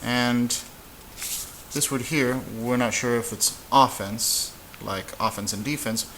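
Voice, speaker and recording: A man teaching a casual whiteboard lesson, relaxed and halting, with frequent fillers and restarts. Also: mid-range voice, a little hiss or hum, poor audio. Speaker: Spanish teacher.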